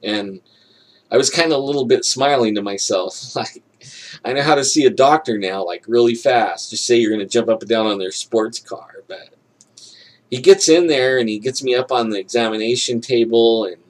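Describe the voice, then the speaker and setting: A man telling a personal story in casual speech, acting out what people said, full of "you know" and "like", chuckling now and then. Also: mid-range voice. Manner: animated, acts out quoted dialogue; frequent fillers like "you know" and "like". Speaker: storyteller recounting a personal experience.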